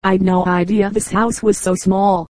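A woman's voice: mid-range voice, level tone, unhurried, darkish tone, dry recording, lightly acted. Woman reading a snobbish, catty matron. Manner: snobbish, disparaging.

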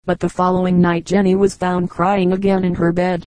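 A woman reads short humorous stories aloud in an even, steady audiobook manner. Her voice is mellow and warm rather than bright. The recording is close and dry, with no room sound. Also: fairly low pitch, normal speed, dry recording, rough recording. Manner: steady storytelling read. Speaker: audiobook reader. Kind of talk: scripted narration.

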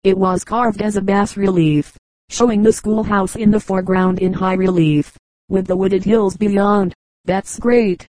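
Woman, audiobook narration, calm measured storytelling, mellow, dry close sound. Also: mid-range voice, no echo, low-quality recording. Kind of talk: scripted narration.

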